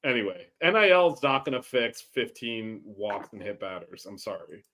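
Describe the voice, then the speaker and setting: A man's voice: on the low side, animated, normal speed, fairly bright tone. A man hosting a casual sports chat, rambling with many fillers and restarts. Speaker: sports podcast host.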